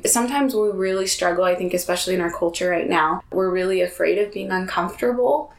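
A woman hosting an interview, asking gentle probing questions and giving short affirming replies. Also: on the low side, quick pace, gravelly, echoey room. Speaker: podcast host. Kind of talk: interview conversation.

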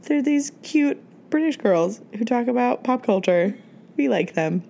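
A woman's voice: a little high, expressive, measured pace, creaky, warm tone. Giggly woman podcast co-host. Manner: jokey, giggly, mock-seductive sign-off. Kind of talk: casual chat. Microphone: close mic.

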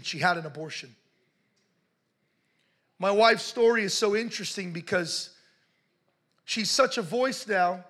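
A man telling a story in a sermon, passionate and building to shouts as he preaches. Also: high-pitched.

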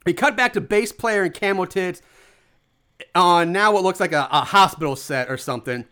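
Bright-voiced man recapping casually. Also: sits high, moderate pace, clean tone. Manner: laughs often, swears casually, recaps plot in a storytelling way. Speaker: podcast co-host recapping a horror movie. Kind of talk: casual chat.

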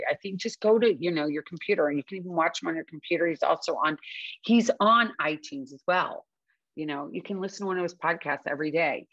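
A woman's voice: deep voice, husky, no echo. A woman giving casual motivational advice about recovery, earnest and frank, swearing casually and repeating her points for emphasis. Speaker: recovery speaker sharing advice. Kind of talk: casual motivational talk to camera. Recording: dull, dry lo-fi recording.

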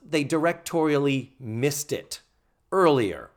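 Podcast co-host, male, animated and exasperated, with a lively pitch. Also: measured pace. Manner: animated, exasperated critique with frequent "yeah". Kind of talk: casual chat recapping a TV episode.

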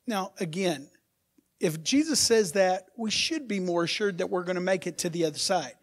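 Here a man preaches as pastor, quizzing the congregation with rhetorical questions while shifting from gentle asides to loud, emphatic moments. His pitch is high, his delivery animated and moderately paced.

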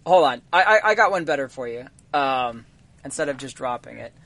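A man narrating as game master of a tabletop game, measured and halting, with frequent ums. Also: mid-range voice, animated, bright, forceful tone.

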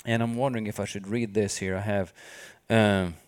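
A man's voice: lowish voice, steady tone, normal speed, clear, resonant tone. Fervent male preacher, hallelujah-heavy. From not from the country where he studied. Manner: fervent, repeats hallelujah often. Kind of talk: sermon.

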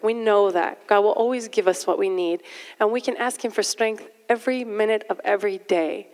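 Middle-aged woman preacher, smooth resonant voice, chatty sermon delivery, long hall reverb. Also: medium pitch, a little fast. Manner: conversational, self-deprecating asides.

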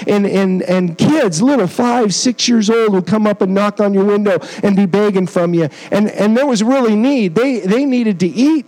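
A man's voice: sits high, normal speed, hardly any pauses, darkish tone, low-quality recording. A man, a missionary preaching as a guest in a church, telling a personal story with earnest feeling and self-deprecating humor. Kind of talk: storytelling sermon.

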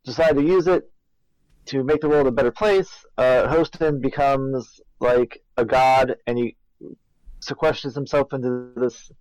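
A man's voice: mid-range voice, a little mellow, no room sound, highs cut off. A man co-hosting a podcast, rambling through a game's plot in casual chat with lots of fillers. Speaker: podcast co-host. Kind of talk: casual game recap chat.

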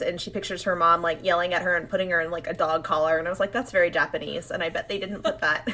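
Bright-voiced chatty woman. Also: on the low side, fast, few pauses. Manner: animated, laughing, acts out quotes. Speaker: podcast co-host. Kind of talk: casual chat comparing anime versions.

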